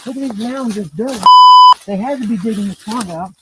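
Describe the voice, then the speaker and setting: A man's voice: sits high, a little fast, heavy background noise. A man, casually rambling as he walks and guides someone through rural woods outdoors. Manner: rambling, streetwise, full of fillers. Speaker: local guide. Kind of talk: casual chat while walking.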